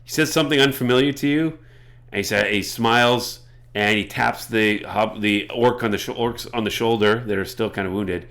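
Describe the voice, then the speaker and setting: A man's voice: on the low side, moderate pace, fairly bright tone. A man narrating a tabletop game as game master, chatty with self-deprecating asides.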